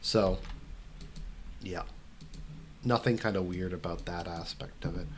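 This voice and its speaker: Low-voiced man chatting while gaming. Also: fairly even intonation, measured pace, a little hiss or hum. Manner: rambling, filler-heavy, restarts. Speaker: streamer answering viewer questions. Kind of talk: casual commentary while gaming.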